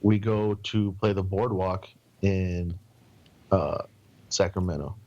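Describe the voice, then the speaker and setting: A man's voice: deep voice, steady tone, slow pace, warm tone, muffled recording, a little hiss or hum. A man from San Antonio, a podcast guest, telling casual, rambling road stories with plenty of swearing and quoted voices. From San Antonio, Texas. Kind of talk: casual storytelling.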